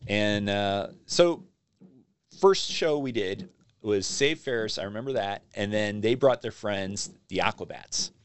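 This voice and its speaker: A man's voice: fairly low pitch, a little slow, clear, resonant tone. A man, a magazine publisher, casually telling stories as a podcast guest and acting out what people said. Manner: animated storyteller acting out quotes. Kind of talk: casual storytelling interview.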